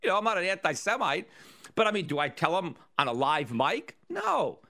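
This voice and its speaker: A man talks through an opinion segment on his own podcast. His voice sits a little high and sounds bright and forward. He argues with energy and keeps asking rhetorical questions. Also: moderate pace, gravelly. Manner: animated, argumentative, rhetorical questions. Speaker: podcast host. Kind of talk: opinion monologue.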